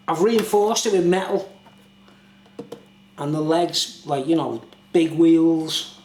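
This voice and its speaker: A man's voice: a little high, slow pace, pauses often, darkish tone. Rambling British man in an echoey room. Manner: rambling, chatty, keeps asking "you know what I mean?". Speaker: YouTuber reviewing beer. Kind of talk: casual chatty vlog.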